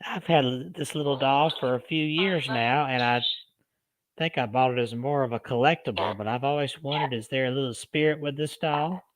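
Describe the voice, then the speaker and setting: Man, paranormal vlogger, soft coaxing delivery, mid pitch. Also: moderate pace. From Alabama. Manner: soft-spoken, coaxing questions to a spirit. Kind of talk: casual paranormal investigation.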